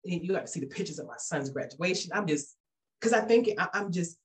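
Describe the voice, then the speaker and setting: A woman telling her church testimony in a casual, animated way, acting out quoted voices. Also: quick pace. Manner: animated, acts out quoted voices with big pitch jumps; casual speech with frequent restarts. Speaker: guest giving a church testimony. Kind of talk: personal testimony, conversational storytelling.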